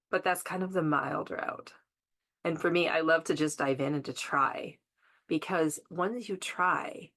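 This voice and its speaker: A woman in a casual spiritual conversation, speaking in a calm, measured way. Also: deep voice, gravelly.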